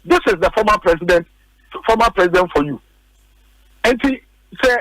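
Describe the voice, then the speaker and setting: Ghanaian man pressing a political case in a radio studio, high-pitched, dry close sound, repeats himself for emphasis. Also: animated, normal speed, fairly bright tone, dry recording, poor audio. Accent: Ghanaian English. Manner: emphatic, repeats points, rhetorical questions. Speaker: political commentator. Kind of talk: heated political argument on radio.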